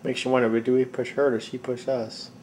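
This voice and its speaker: A father filming a home video, making quiet, dry joking asides. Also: medium pitch, level tone, a little fast, a crowd in the background. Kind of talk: home video, side commentary. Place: family home, indoors.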